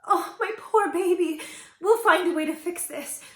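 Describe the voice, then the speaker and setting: A woman's voice: fairly high pitch, measured pace, a bit bright, roomy sound. A woman voicing a loving queen mother who speaks tenderly to her daughter. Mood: alarmed. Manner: tender, soothing.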